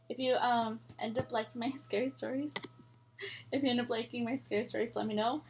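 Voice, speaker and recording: A young woman, telling a scary story to her viewers in a rambling, animated way, swearing freely and acting out what people said. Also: a little high, a little fast. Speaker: vlogger. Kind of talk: casual storytelling to camera.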